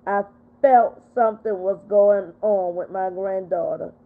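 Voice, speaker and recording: An older woman hosting a casual livestream, talking in a heartfelt, repetitive way while she is upset but steady. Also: medium pitch, measured pace. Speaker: livestream host. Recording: tinny phone-like sound.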